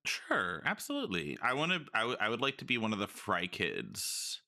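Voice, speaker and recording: A man's voice: fairly low pitch, huge pitch swings, normal speed, creaky, pushed and bright. A man in casual comedic chat, rambling and joking with lots of "like" and filler.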